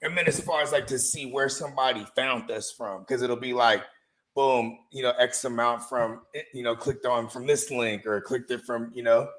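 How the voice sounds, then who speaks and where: A man's voice: medium pitch, steady tone, normal speed, a bit bright. A man co-hosting a podcast, joking loosely and swearing while chatting over a game. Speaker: podcast co-host. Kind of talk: casual game-watching chat.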